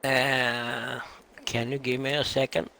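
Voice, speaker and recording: A man's voice: mid-range voice, little pitch movement, slow, gravelly, bright, forceful tone. A man giving short, laid-back replies while co-playing on a gameplay stream. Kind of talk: casual gameplay stream chat.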